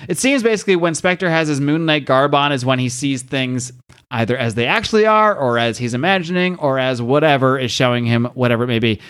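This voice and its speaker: A man's voice: mid-range voice, clear, resonant tone. A man co-hosting a podcast, recapping a comic in a casual, chatty way with long runs and fillers. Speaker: podcast co-host.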